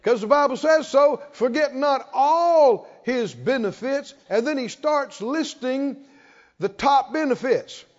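A man preaches from the pulpit in a high voice, taking his time over every phrase. He drives home his points and has the congregation repeat after him. The sound is dull and lo-fi, with a long reverb from the church. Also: slow pace. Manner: call-and-response preaching, rising to emphatic shouts. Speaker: pastor. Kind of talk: sermon. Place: church sanctuary.

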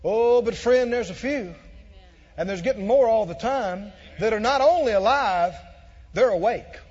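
High-voiced preacher in a ringing hall. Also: male voice, measured pace, slightly rough, muffled recording. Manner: emphatic, repeats phrases, swells to shouts. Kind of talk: sermon.

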